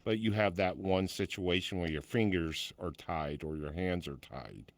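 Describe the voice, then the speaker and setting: An older man with a fairly low voice talks bluntly and swears freely as he tells his stories. The recording is dry and close, with no room sound. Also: measured pace, dry recording. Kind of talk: casual podcast chat.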